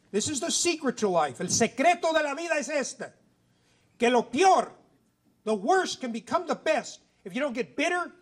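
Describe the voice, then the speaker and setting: Middle-aged male author, very high voice, animated and punchy, addressing students. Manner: animated, emphatic, acts out dialogue. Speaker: author speaking at a school. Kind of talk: motivational storytelling talk. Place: middle school assembly.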